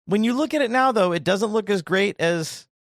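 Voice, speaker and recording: Lively middle-aged male podcast co-host. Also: high-pitched, dry recording, clean studio sound. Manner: lively, quick reactions and questions. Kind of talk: casual movie-review chat.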